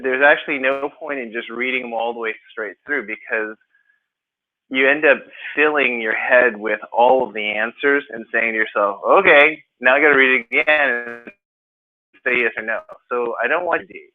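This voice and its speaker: A man tutoring a small class, asking questions and acting out word meanings. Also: mid-range voice. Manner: animated, questions students, acts out examples. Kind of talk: classroom teaching. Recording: phone-like narrow audio.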